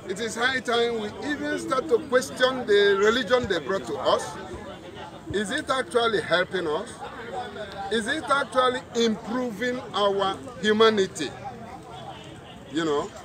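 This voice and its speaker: A man giving a declamatory, rousing speech at a street protest. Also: high-pitched. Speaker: protest speaker. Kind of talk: rally speech. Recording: crowd noise outdoors.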